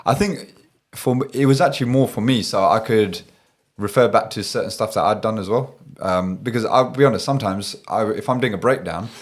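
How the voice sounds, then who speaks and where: A man's voice: on the low side, brisk, hardly any pauses. Chatty man telling his story. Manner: chatty, storytelling, frequent fillers. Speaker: guest, gas engineer. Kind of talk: casual podcast chat.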